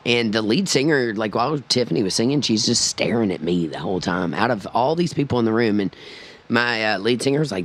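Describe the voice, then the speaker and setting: A man hosting a radio show, chatting casually and telling stories with easy laughs. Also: fairly low pitch. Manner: chatty, storytelling, laughs easily. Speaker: radio host. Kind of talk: casual radio interview chat. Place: radio studio.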